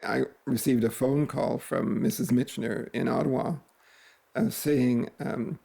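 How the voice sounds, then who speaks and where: A man recalling the past in a documentary interview, reflective and pausing with fillers. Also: medium pitch, steady tone, creaky, mellow. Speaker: interviewee, singer.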